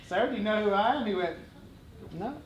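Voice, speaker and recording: A middle-aged man telling comic stories on stage as a guest speaker. He talks in an animated way, laughs often and acts out other people's lines. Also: high-pitched, fast talker, reverberant, lo-fi sound, noisy background.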